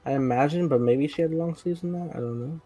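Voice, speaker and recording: A man co-hosting a casual podcast, speaking in a measured, thoughtful way. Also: on the high side, mellow, faint music behind. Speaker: podcast co-host. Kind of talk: casual chat.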